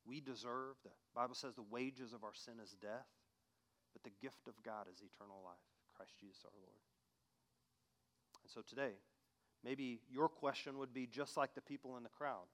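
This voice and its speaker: Delivering a sermon at a moderate pace, this medium-pitched male pastor reads from scripture and questions his listeners directly. His delivery shifts from forceful emphasis to soft, hushed pleading and back.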